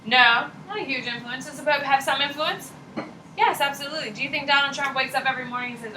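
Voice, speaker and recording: A woman's voice: high voice, brisk, bright, forceful tone, slight background noise. Blunt, slangy woman teacher in echoey classroom. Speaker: high school history teacher. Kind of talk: classroom lecture. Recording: echoey classroom, mic far off.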